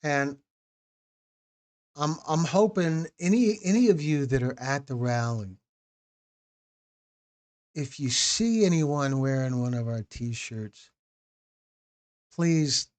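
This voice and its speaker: A man hosts a live stream after a documentary premiere and speaks casually to his viewers. He addresses people in the chat by name, repeats himself and restarts phrases as he talks. His voice sits at an ordinary middle pitch. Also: a little mellow.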